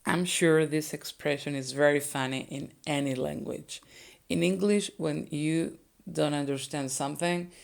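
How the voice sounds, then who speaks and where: A young woman whose first language is Spanish, teaching phrases slowly and clearly and repeating each one for learners. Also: deep voice, steady tone.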